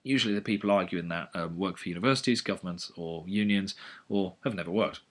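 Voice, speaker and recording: A man giving an educational economics lecture, animated and full of sardonic asides. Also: low-pitched, fast.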